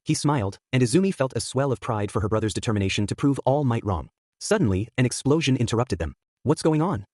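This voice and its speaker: A man reads a fan fiction story at a quick clip, his voice husky and a little rough around the edges. The sound is dry and close, with no room around it. He lifts his pitch to voice the characters in between the narration. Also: expressive, a little mellow, no room sound. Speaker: fanfic narrator.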